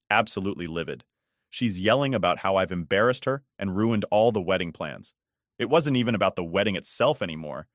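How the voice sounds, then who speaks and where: A man's voice: deep voice, fairly bright tone, no room sound, clean studio sound. A man narrating a first-person story in a conversational, exasperated way.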